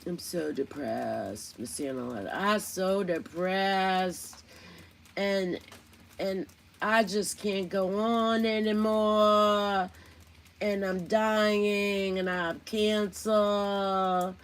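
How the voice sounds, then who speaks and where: A woman putting on a slow, melodramatic Southern drawl to parody a self-pitying woman, as an impression within casual commentary. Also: mid-range voice, fairly even intonation. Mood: mopey. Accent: put-on Southern US.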